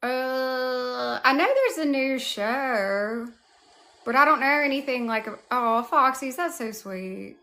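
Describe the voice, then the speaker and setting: Slow-talking Southern woman livestreaming. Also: sits high, lively intonation. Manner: warm greetings to chat, drawling. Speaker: livestream host. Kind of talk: casual live chat.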